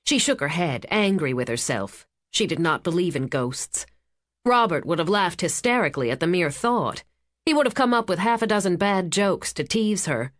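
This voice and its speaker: Female audiobook narrator, lowish pitch, dry close sound, measured thriller read. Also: expressive, no room sound. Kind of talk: scripted narration.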